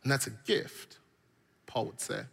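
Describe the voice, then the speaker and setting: A man's voice: mid-range voice, lively intonation, measured pace, vocal fry, fairly bright tone, breathy edge. A man preaching a sermon, telling stories with animation and building his points through repetition. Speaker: pastor.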